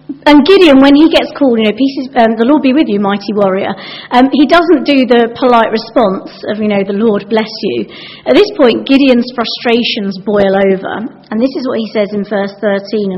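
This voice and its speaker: A woman giving a sermon in a chatty, anecdotal way, acting out the lines she quotes. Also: fairly high pitch. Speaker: preacher. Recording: dull sound with long hall reverb.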